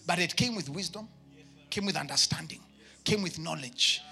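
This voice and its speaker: A man with a Kenyan accent preaching a sermon to his church, emphatic, with shouted peaks and comic asides. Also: on the high side, normal speed, creaky, faint music behind. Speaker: pastor.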